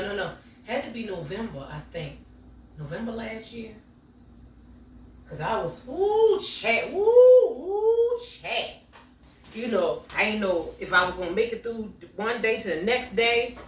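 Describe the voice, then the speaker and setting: Baking at home, a middle-aged woman keeps up a casual, chatty vlog, speaking directly to viewers as y'all. Her medium-pitched voice sounds a bit bright. A faraway mic captures the echoey kitchen along with a little hiss or hum.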